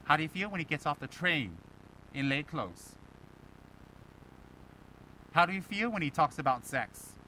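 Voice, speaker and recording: Man, Buddhist teacher, dharma talk, emphatic rhetorical questions, mimics others, high, piercing tone. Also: very animated, measured pace, pauses often, pushed and bright, a little hiss or hum, poor audio. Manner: mimics other people's voices in quotes.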